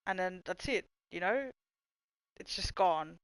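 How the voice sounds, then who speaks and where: Woman streamer, low voice often taken for a man's, sarcastic casual chat, foul-mouthed, smooth tone, dry close mic. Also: expressive, unhurried, no room sound, low-quality recording. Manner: swears a lot, laughs often, chatty and sarcastic. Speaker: livestream host.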